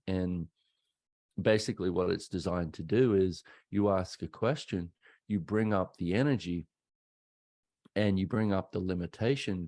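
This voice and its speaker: A man's voice: deep voice, warm tone, no room sound. An Australian man in his thirties, a podcast host telling a candid personal story in a casual, conversational way. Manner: candid, conversational, acts out quoted voices.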